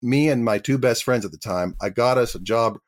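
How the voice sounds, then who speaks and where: A man's voice: medium pitch, fairly quick. A man, a guest actor, telling his career story in a chatty interview with frequent restarts. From Canada.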